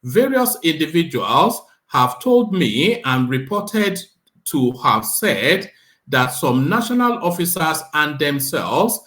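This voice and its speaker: A man's voice: on the high side, big pitch swings, slow, a bit bright. A man hosting a political talk show, emphatically reading a legal document aloud. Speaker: host. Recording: roomy echo.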